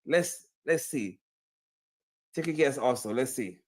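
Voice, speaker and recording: A man's voice: mid-range voice, animated, a little slow, slightly rough. A man hosting his own channel, chatting casually about sports and reacting to a clip, laughing often and repeating himself. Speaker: channel host.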